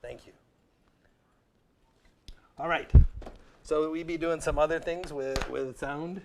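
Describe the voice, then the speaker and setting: A man's voice: on the high side, fairly even intonation, slow pace, noisy background. A man teaching science on a live call-in TV show, playfully dropping into pirate talk. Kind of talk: live TV lesson. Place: TV studio.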